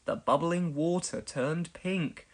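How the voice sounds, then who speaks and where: A woman narrating a children's storybook read-along, expressive in delivery. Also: sits low, slow pace.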